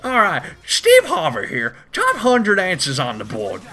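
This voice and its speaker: Gag impression: a booming, showy game show host, by a man. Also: huge pitch swings, a little slow, pushed and bright, full character voice.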